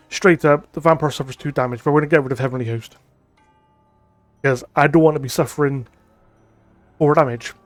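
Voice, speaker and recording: A man's voice: on the high side, no room sound. A man giving thinking-aloud commentary as he plays a digital board game, reading card text aloud and musing with frequent ums.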